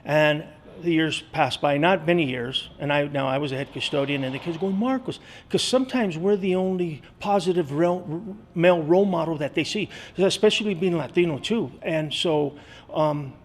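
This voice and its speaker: A school custodian in his sixties, talking earnestly in an interview with many pauses and fillers. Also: a little high, slight background noise. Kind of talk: interview storytelling.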